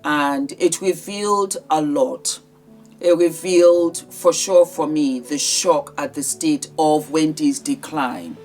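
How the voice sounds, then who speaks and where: A woman with a slightly low voice talks through celebrity news in an earnest, heartfelt vlog. She speaks conversationally and emotionally. Soft music plays faintly underneath. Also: slow. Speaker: vlogger.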